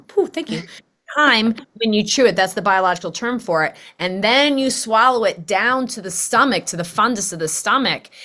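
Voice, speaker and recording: In a casual conversational interview, a middle-aged podcast host talks animatedly and performs the voices of people she quotes. She speaks with a mid-range voice and a sharp tone.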